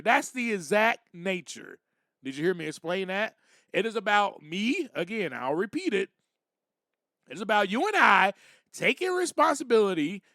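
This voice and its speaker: A podcast host gives a personal recovery talk, acting out little quotes and repeating phrases as he goes. His voice is high and a bit bright, recorded with clean studio sound and no room echo.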